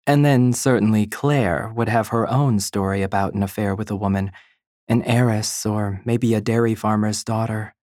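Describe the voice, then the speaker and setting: A narrator reading literary fiction in a slow, measured storytelling voice. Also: medium pitch, steady tone, darkish tone, no echo, clean studio sound. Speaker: audiobook narrator.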